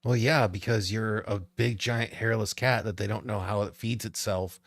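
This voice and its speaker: Man, gravelly, low voice, dry close sound, blunt, profane, teasing podcast chat. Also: fairly even intonation, normal speed, no room sound. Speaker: podcast co-host.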